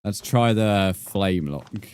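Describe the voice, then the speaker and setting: A young man streams a building game, chatting casually with viewers, swearing freely and calling everyone mate. His voice sits fairly low, slow and smooth with a darkish tone and lively intonation. Faint music plays in the background.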